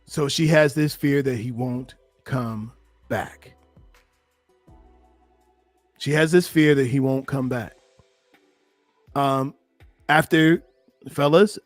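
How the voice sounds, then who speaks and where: A man working as a relationship coach, giving animated, emphatic commentary on a played clip and speaking straight to his listeners. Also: mid-range voice, slow, long pauses, no echo, soft background music.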